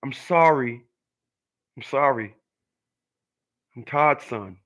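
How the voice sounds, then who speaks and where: Solo male host, middle pitch, emphatic monologue that hammers each point twice. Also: takes it slowly, a bit bright. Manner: emphatic, repeats his points. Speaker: channel host.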